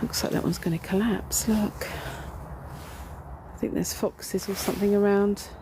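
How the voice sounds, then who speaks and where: A woman chats her way through a graveyard in a casual vlog, rambling and filling pauses as she tells a ghost story. She talks outdoors into a handheld phone. Faint outdoor noise sits behind her voice. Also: mid-range voice, steady tone. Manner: chatty, rambling storytelling with fillers. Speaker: paranormal vlogger.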